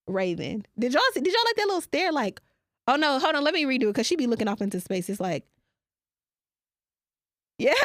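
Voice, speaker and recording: A woman's voice: fairly high pitch, no room sound, clean studio sound. A woman, hosting a podcast in a brash, profane, playful monologue. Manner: brash, profane and playful, talking straight to listeners. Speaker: podcast host. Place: small podcast studio. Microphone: studio microphone.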